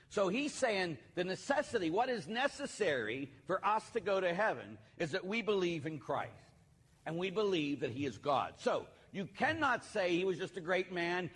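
A man's voice: sits high, sing-song, normal speed, a bit bright, slightly rough, long reverb tail. A man preaching a sermon, emphatic, who repeats his points for stress.

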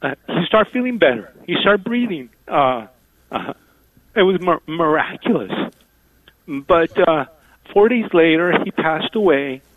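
A man from South Texas calling into a radio show, speaking haltingly with many pauses. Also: fairly high pitch, lively intonation. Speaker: caller. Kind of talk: call-in radio chat. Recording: dry, tinny phone line.

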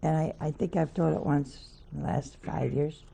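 A woman's voice: low voice, fairly even intonation, normal speed, gravelly, mellow, breathy edge. An older woman, a nun, preaching a sermon by telling a homely story with wry asides.

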